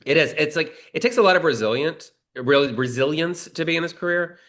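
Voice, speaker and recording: A man's voice: fairly high pitch, a little fast. A middle-aged man, a screenwriter and actor, telling a long story in a casual interview and acting out the dialogue in it. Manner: animated storyteller, acts out quoted dialogue in a raised voice.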